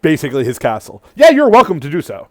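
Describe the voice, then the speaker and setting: Lively game master, animated voice. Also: male voice, fairly high pitch, fast talker. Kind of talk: narrating a tabletop game.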